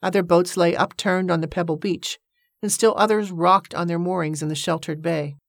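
Low-voiced woman reading a novel. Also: steady tone, moderate pace, gravelly, no echo, clean studio sound. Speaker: audiobook narrator. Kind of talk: scripted narration.

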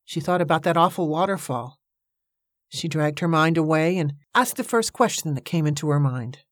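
Woman narrator, audiobook, low voice, measured, dry close recording. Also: no echo. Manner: steady, measured storytelling.

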